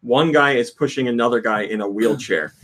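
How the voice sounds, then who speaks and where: A man's voice: mid-range voice, fairly quick, background noise. A man hosting a casual podcast, reading out news and telling stories with frequent laughs. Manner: reads out quotes and news, laughs often. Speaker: podcast host.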